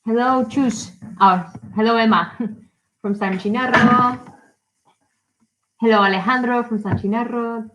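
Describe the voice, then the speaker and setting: A woman leads a live storytime lesson for children. She talks slowly and deliberately, in an easy mid-range voice. She greets each viewer by name and asks simple questions meant for young learners. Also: mid-range voice, dull audio. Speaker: English teacher for children. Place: her home in a city.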